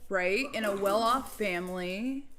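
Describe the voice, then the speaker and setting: A woman's voice: medium pitch, crowd noise. Chatty woman co-hosting a live stream. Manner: chatty, laughs often, drawn-out phrasing. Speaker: co-host. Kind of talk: casual chat. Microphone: streaming mic.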